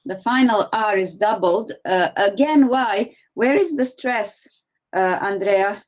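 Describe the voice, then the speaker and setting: A woman's voice: mid-range voice, takes it slowly, lo-fi sound. Patient woman teaching English on a call. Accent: Serbian. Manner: patient, encouraging, explains step by step. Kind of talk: online class teaching.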